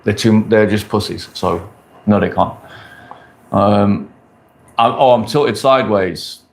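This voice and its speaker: A man in his forties with a fairly low voice, talking bluntly and crudely on a casual live stream. He speaks with brash confidence and drives his points home by saying them again and again. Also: slow pace, gravelly, a little hiss or hum. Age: 40s. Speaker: dating coach streamer. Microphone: phone or camera on a stand.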